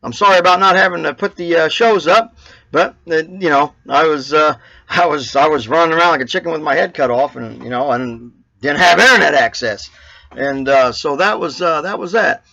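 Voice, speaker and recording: A man hosting his own trucking show, talking in a casual, rambling way with many halting fillers and chuckles. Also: a little high, creaky, bright, forceful tone, muffled recording. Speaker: trucker podcast host.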